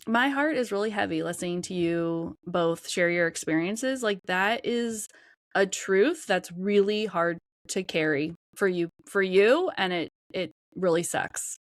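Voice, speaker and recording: A woman hosts a podcast interview, empathetic and gently probing as she draws out her guests. Her pitch sits in the middle range. The sound is dry and close, with no room echo. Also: slow. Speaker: podcast host.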